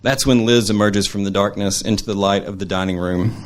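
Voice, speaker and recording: A man's voice: lowish voice, fairly even intonation. Man reading his own story aloud. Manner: earnest, measured reading in present tense. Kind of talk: reading a personal essay aloud at a live show.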